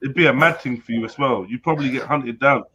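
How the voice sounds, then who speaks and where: A man's voice: mid-range voice, fast talker, crowd noise. A man hosting a live stream chat, joking around and bantering with guests. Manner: joking, banter-heavy, mimics voices loudly. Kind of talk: casual chat. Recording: dull lo-fi stream audio with faint noise.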